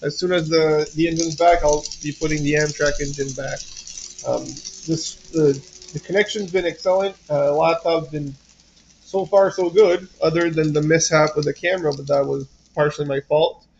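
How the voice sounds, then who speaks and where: A man's voice: fairly high pitch, fairly even intonation, normal speed, gravelly, a little mellow, slight background noise. French Canadian man on a lo-fi stream. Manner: rambling, many fillers and restarts. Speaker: livestream host. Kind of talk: casual livestream chat.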